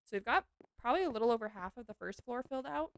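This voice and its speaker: A woman's voice: fairly high pitch, expressive, fast talker, gravelly, clear, resonant tone. A woman streamer chatting casually with her chat while playing a game. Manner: chatty, answering chat as she plays.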